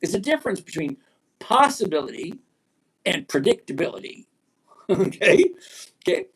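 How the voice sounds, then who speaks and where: A man in his sixties runs a live stock-trading stream, his voice sitting notably high for a man. He talks bluntly and with emphasis, slowing down to repeat the points he wants to stick. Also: big pitch swings, gravelly, slightly rough. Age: 60s. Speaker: livestream host.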